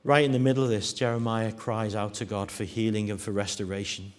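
A man preaching a sermon, dropping to hushed tones and rising to loud, acted-out quotes. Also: lowish voice, little pitch movement, fairly quick, hardly any pauses. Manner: dramatic shifts from hushed to loud, acting out quoted voices.

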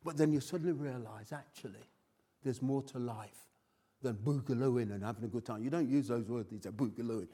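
An older man preaching a sermon with emotion, swinging between loud exhortation and hushed asides. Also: medium pitch, a little fast, breathy edge.

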